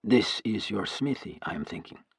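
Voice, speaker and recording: A man voicing a middle-aged male Norse warrior leader who asks dry, unhurried questions in an audiobook. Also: on the low side, expressive, gravelly, husky, dry recording, heavily acted. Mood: cool.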